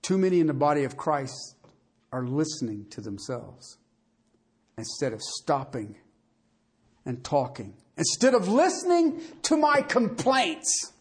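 A lively preacher mid-sermon, the voice climbing and dropping across a wide range. The delivery is folksy and conversational, built on rhetorical questions tossed out to the listeners. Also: mid-range voice, measured pace.

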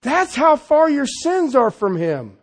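A man preaching a sermon in a folksy, humorous way, talking straight to his listeners and swinging between loud exclamations and quiet, intimate asides. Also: extremely high pitch, big pitch swings, takes it slowly.

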